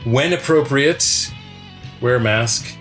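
A man hosting a podcast, reading stage directions and then signing off in a relaxed, conversational way. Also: mid-range voice, slow pace, soft background music. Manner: relaxed, conversational, some restarts. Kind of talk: scripted narration and podcast sign-off.

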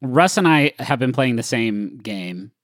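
A man co-hosting a podcast in casual chat, animated and leaping high in pitch when incredulous. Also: measured pace, dry recording, clean studio sound. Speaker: podcast co-host.

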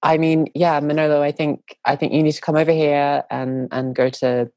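A woman's voice: sits low, flat delivery, normal speed, mellow, no room sound. A woman caller with a British accent, dry and wry.

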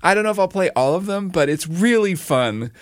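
A man's voice: sits high, no room sound, clean studio sound. A man co-hosting a podcast, chatting casually and animatedly and cracking jokes. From United States. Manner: chatty and animated, quick to joke. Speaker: podcast co-host. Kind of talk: casual chat.

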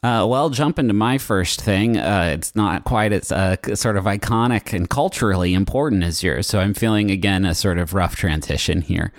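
A man's voice: fairly low pitch, moderate pace, hardly any pauses, dry recording, studio quality. A man in his thirties co-hosting a podcast in casual chat, rambling and jokey. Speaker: podcast co-host.

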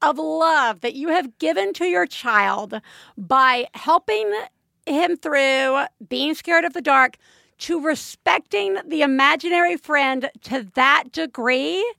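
A woman co-hosting a chatty parenting podcast, her voice high and gravelly with a vocal fry. She talks in an effusive, animated way and laughs often. The recording is dry and close. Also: takes it slowly, dry recording. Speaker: podcast co-host. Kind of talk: casual chat.

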